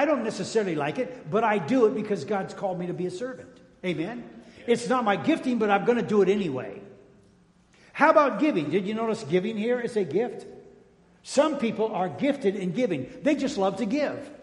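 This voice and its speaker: An older male pastor preaching a sermon in a folksy, joking way, calling out to his congregation. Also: high voice. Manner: folksy, jokey preaching with call-outs to the congregation. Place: church sanctuary. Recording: echoey church hall.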